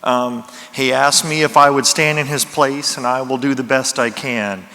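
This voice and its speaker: A man's voice: medium pitch, fairly even intonation, moderate pace, bright, forceful tone. Folksy Louisiana man in echoing hall. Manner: folksy, self-deprecating humor. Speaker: conference speaker. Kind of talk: conference talk with jokes. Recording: reverberant hall.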